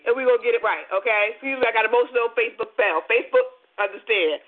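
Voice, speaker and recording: A woman hosting an internet talk radio show, talking to her listeners in a sassy, animated way. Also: on the high side, quick pace, hardly any pauses, a little hiss or hum. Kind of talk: casual phone-in talk radio. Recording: phone-like, lo-fi sound.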